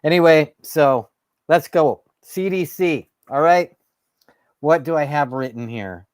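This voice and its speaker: A man's voice: on the high side, darkish tone, dry recording, clean studio sound. A man hosting his own show, ranting in a fired-up, sarcastic way and swearing. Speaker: host. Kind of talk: ranting monologue.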